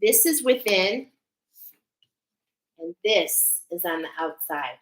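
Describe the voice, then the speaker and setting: A woman's voice: on the low side, lively intonation, slow pace. Woman host, oracle card reader, earnest and emphatic delivery, in an echoey room. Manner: earnest, emphatic, repeats "okay?" often. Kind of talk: spiritual card reading to viewers.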